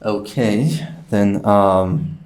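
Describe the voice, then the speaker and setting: A man's voice: fairly low pitch, drawn-out words, a little mellow. A young man from Iran, a guest in a casual interview, talking playfully with frequent hesitations. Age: young adult. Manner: playful, hesitant, lots of fillers.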